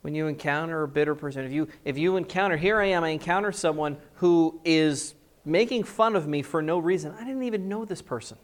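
A male preacher telling a personal story in a sermon, animated, with emphatic repetition. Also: on the high side, a little fast, few pauses.

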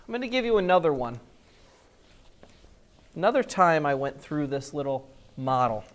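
Animated preacher telling a story. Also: male voice, fairly high pitch, normal speed. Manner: animated storytelling, acting out scenes in different voices. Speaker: pastor. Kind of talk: sermon.

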